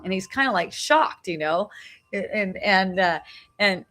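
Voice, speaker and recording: A woman's voice: medium pitch, lively intonation, measured pace, a bit bright. A middle-aged woman sharing personal reflections in a casual, earnest way, often repeating herself and adding "right?" to her sentences, on a phone live video outdoors. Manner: earnest, repeats phrases, frequent tag "right?". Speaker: spiritual talk host. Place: outdoors at a beach.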